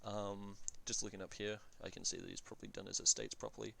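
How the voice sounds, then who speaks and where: Man, low voice, gravelly, casual game commentary, thinking aloud, self-correcting, blunt. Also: level tone, fast, pushed and bright, slight background noise. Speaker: strategy game reviewer.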